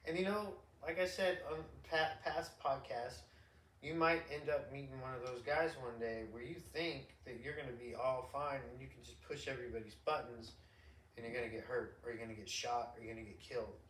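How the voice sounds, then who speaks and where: A middle-aged man hosting a podcast, an animated storyteller who rambles, restarts and laughs often in casual chat. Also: mid-range voice, a little fast, a little hiss or hum. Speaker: podcast host. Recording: roomy echo, distant mic.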